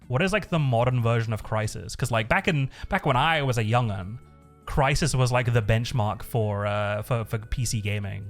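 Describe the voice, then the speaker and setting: A man's voice: medium pitch, normal speed, soft background music. A man streaming live, chatting casually in a rambling way, swearing a lot and laughing often.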